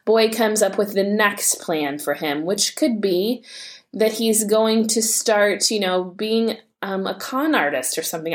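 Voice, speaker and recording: A woman in her forties talks candidly about parenting, poking fun at herself before slipping into spoken prayer. Her voice sits at an ordinary middle pitch for a woman, and her tone is plain and personal throughout. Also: measured pace. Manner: candid, self-deprecating, prays aloud. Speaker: devotional podcast host. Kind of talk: personal devotional talk with prayer.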